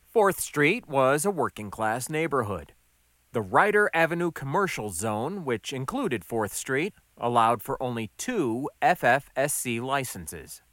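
A man narrating a story with a wry, brisk delivery. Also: medium pitch, sing-song, a bit bright, no echo, studio quality. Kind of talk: audiobook narration.

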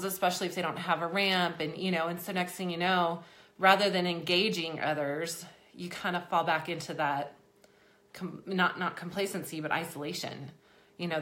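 A woman's voice: fairly low pitch, fairly bright tone. A young woman, slightly out of breath, talking in a chatty, rambling way with many asides as host of a motivational talk. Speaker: host of an exercise program for people with MS.

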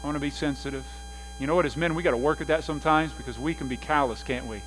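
A middle-aged man preaching a sermon as pastor, telling family stories with lively put-on voices for humor. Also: on the high side, rapid-fire, rough recording. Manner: animated storytelling, mimics voices for laughs. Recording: faint mains hum.

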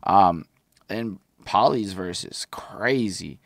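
A man co-hosting a casual album review, talking loosely and profanely and quoting lyrics in animated bursts. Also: low voice, normal speed, creaky, no echo, clean studio sound.

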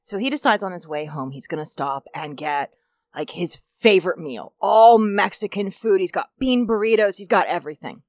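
A woman's voice: medium pitch, normal speed, no echo. A woman co-hosting a podcast, telling a funny story in casual chat and acting out the characters as she narrates. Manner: animated narrator, acts out voices in her jokes. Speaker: podcast co-host.

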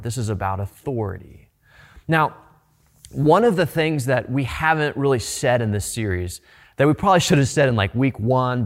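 A middle-aged male pastor delivering a sermon in an easy, conversational way. He stresses his points and circles back with repeated phrases to drive them home. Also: medium pitch.

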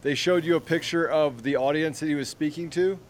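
Higher-pitched guy on a panel, mocking tone, telling a story casually. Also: a little fast, slight background noise. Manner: mocking, tells a story with asides. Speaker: roundtable guest. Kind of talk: casual chat.

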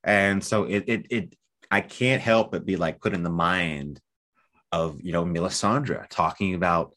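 Man co-host, thoughtful and analytical, very deep voice. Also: a little slow, sharp tone. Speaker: podcast co-host. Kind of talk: casual chat about a fantasy novel.

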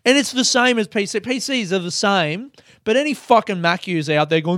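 A man's voice: sits high, animated, a little fast, a bit bright, no echo. A young adult man hosting a casual solo podcast, ranting and sardonic, swearing freely, close to the mic. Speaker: podcast host. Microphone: close studio mic.

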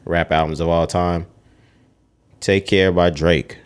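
A man with a very low voice co-hosts a podcast in loose, casual chat. He is opinionated and swears freely as he works through a ranked list. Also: flat delivery, slow, clear, resonant tone. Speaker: podcast co-host.

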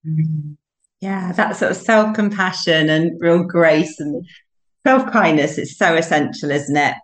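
Low-voiced affirming woman host, echoey. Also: a little slow. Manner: affirming, reflective, laughs easily. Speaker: podcast host. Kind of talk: interview.

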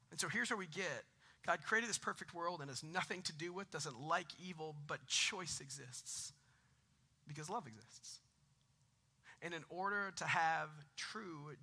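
A man's voice: a little high, bright, forceful tone, slightly rough. A man, preaching a conversational sermon with jokes and rising emphasis. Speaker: pastor.

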